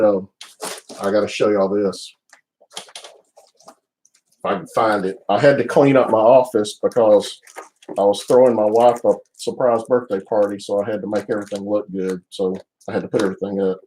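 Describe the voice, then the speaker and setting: A man's voice: lowish voice, steady tone, moderate pace, a little mellow, slight background noise, rough recording. A middle-aged man with a Southern US accent, rambling casually as he hosts a live stream from his home office. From United States. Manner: rambling, restarts often, laid-back.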